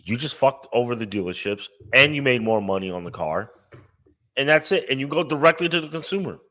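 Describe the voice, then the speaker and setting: A man's voice: mid-range voice, expressive, brisk, bright, forceful tone. A man co-hosting a casual car podcast, ranting and swearing emphatically. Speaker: podcast co-host. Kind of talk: casual profane car chat.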